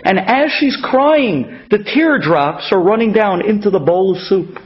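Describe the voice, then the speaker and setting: A man telling an inspirational story as a speaker, animated, acting out voices in the quotes. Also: high voice, measured pace, few pauses, highs cut off. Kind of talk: storytelling talk.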